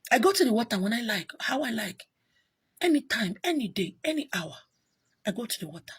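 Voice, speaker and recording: A woman's voice: on the high side, very animated, a little fast, breathy edge. A woman with a Nigerian accent, a spiritual teacher talking in an exasperated, emphatic monologue that keeps circling back on itself. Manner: exasperated, emphatic, repeats herself. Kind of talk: casual monologue.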